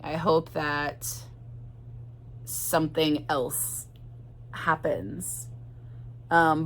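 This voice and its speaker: Excitable rambling woman book vlogger. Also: sits low, slight background noise. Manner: rambling and excitable, many fillers and restarts. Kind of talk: casual chat. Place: at home with her cats.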